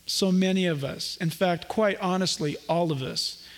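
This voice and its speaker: High-voiced folksy preacher man. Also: normal speed, big-room sound. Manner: folksy, jokey asides, acts out little dialogues. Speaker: pastor. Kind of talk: sermon.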